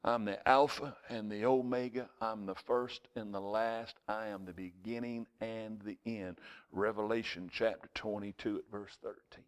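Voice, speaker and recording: Male pastor preaching; lively storyteller who acts out shouting voices. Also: on the low side, moderate pace. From United States. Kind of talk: sermon.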